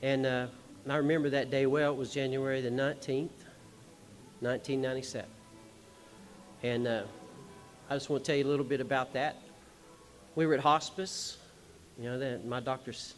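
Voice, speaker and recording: A man speaking on a concert hall stage, telling family stories in a folksy, rambling, emotional way with small chuckles. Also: mid-range voice. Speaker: son of the honored musician, speaking at a tribute show. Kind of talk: personal stage speech.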